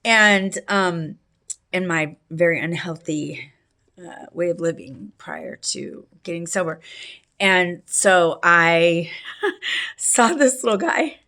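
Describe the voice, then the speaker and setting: A middle-aged woman telling a personal story in a casual, rambling way, full of fillers and restarts, with allergies that make her clear her throat. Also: on the low side, slow, bright, forceful tone.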